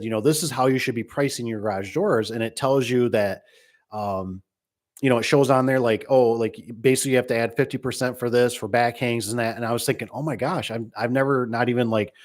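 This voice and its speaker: A man who runs a garage door business, giving casual, rambling advice and acting out little exchanges with customers. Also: medium pitch. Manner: rambling, folksy, acts out dialogue.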